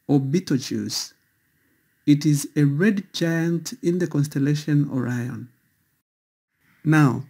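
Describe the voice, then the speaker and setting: A man talks slowly and carefully, with a husky, mellow voice pitched a little high. He narrates a scripted sky guide in a measured, instructional way, recorded close to the mic.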